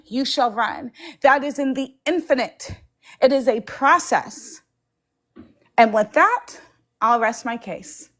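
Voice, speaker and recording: Woman debater, high voice, measured, deliberate, formal argument. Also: fairly bright tone.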